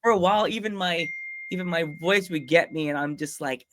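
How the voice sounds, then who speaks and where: A man's voice: fairly high pitch, a little fast, fairly bright tone, slight background noise. A man hosting a podcast, bantering playfully and joking with his guest. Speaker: podcast host.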